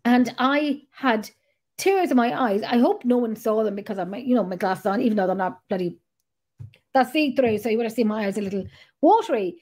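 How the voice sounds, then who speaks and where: A woman's voice: on the high side, a little fast, a little mellow. A middle-aged woman hosting a podcast. She talks in a rambling, chatty way and swears freely. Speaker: podcast host. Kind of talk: casual chat.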